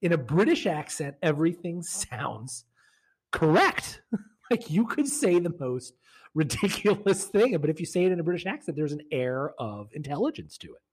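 A man co-hosting a comedic podcast, chatting in an animated way and laughing easily. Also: on the high side, moderate pace, breathy edge. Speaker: podcast co-host. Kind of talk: casual comedic chat.

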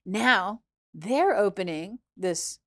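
A woman chef, a guest in an interview, telling a story in a lively way, acting out what people said and swinging between hushed and loud. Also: mid-range voice, slow pace. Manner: animated, acts out quoted voices, swings between hushed and loud. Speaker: chef and restaurant founder, guest.

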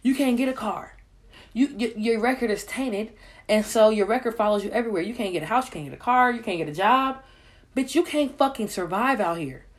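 A woman reacting to a documentary she watched delivers a casual, heated rant, swearing often and repeating herself for emphasis. Her voice is fairly high and fairly quick.

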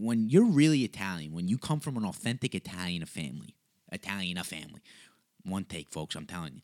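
A young man hosting a podcast, telling a story in a rambling, casual way, with tangents and swearing. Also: deep voice. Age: young adult. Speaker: podcast host.

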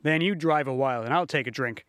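A man's voice: medium pitch, fast talker, fairly bright tone, no room sound, studio quality, lightly acted. A man reading the part of an arrogant, domineering rich man who boasts and sneers. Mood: scornful.

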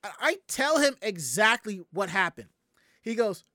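A streamer from the Southern United States telling a story to chat in a casual, animated, profane way, acting out the people in it. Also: mid-range voice, unhurried, no echo, clean studio sound.

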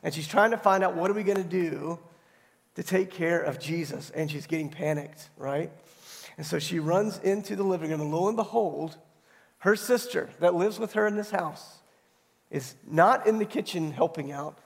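Hoarse gravelly-voiced male preacher. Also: high-pitched, normal speed. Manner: conversational storytelling, tag questions like "right?". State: hoarse from allergies. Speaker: pastor. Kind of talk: sermon. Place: church sanctuary. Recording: long hall reverb.

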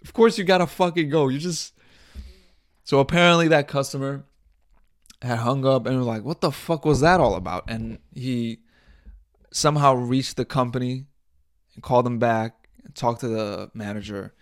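A man's voice: mid-range voice, steady tone, normal speed, long pauses, no echo, studio quality. A young man hosting a podcast, telling profane, laugh-filled stories in a casual way. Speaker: podcast host. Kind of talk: casual storytelling.

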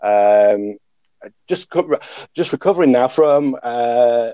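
A man's voice: medium pitch, lively intonation, takes it slowly, warm tone, smooth, no echo, dull audio. Man hosting a casual panel podcast. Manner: self-deprecating, many fillers and restarts. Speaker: podcast host. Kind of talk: casual hosted panel chat.

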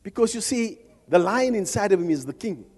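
High-voiced impassioned male preacher. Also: animated, fairly quick. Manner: impassioned, rising to shouts, jokes with the crowd. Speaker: preacher at a men's conference. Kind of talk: fervent sermon. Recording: long hall reverb with music behind.

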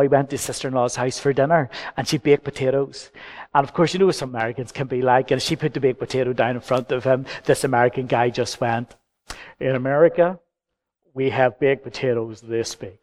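A man, a pastor preaching a sermon in church with gentle humour and personal stories. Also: medium pitch. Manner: anecdotal, gently humorous preaching.

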